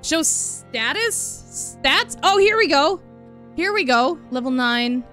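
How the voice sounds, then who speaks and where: A woman streaming a video game live, excitable and giggly as she thinks aloud. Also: sits high, takes it slowly. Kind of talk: live gaming stream chat. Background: game music.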